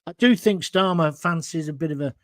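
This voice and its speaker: A man hosts a live talk show from a green screen studio, reading viewer comments aloud in a blunt, combative, rambling manner. His voice is slightly high and fairly quick, with no room sound.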